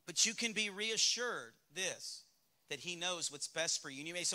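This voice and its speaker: A man's voice: high-pitched, animated, a little fast, bright, forceful tone. A male pastor with a Southern US accent preaching a sermon in a church, speaking candidly and asking the congregation rhetorical questions. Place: church sanctuary.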